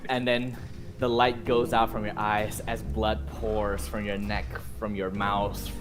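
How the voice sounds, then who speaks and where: A man's voice: lowish voice, flat delivery, takes it slowly, music in the background. Man narrating a gruesome horror game. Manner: vivid gory narration with asides. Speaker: game master.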